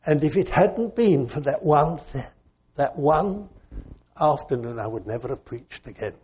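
An older man, a preacher, telling a personal story in a reflective, gently self-mocking way. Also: a little high, animated, unhurried, husky. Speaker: preacher and former missionary.

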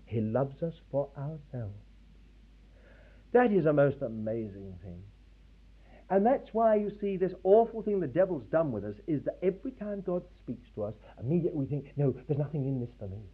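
A man preaching a sermon, animated and emphatic, with pauses. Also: on the high side, breathy edge. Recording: tinny phone-like old recording.

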